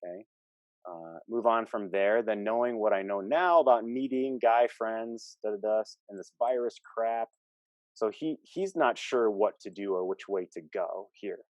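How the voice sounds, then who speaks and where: A man with a lowish voice talks through relationship coaching in an earnest, explaining way, acting out little quoted lines as examples. The sound is dry and close, with no room around it. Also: moderate pace, no echo. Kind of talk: coaching podcast talk.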